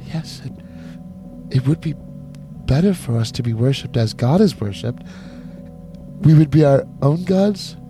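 A man's voice: medium pitch, lively intonation, a little slow, pauses often, over music, voice pushed up. A man voicing an innocent, wide-eyed young woman who speaks politely and hesitantly.

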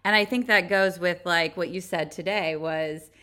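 Animated woman telling stories on a podcast. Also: on the low side, normal speed. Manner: animated storyteller, lots of "like". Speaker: podcast co-host. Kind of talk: casual storytelling chat.

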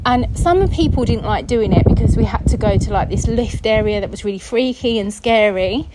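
A woman's voice: fairly high pitch, moderate pace, very noisy. A woman from England hosting a podcast, telling a personal story in a chatty, casual way, acting out the voices she quotes. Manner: chatty, acts out quoted voices, laughs often. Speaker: podcast host.

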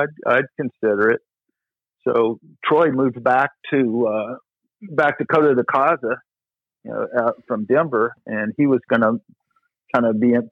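Middle-aged man, tennis pro guest, casual storytelling, rambling with restarts, gravelly voice, phone-quality sound. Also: mid-range voice, no room sound. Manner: rambling, with frequent "you know" and restarts. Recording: dry, tinny phone-like line.

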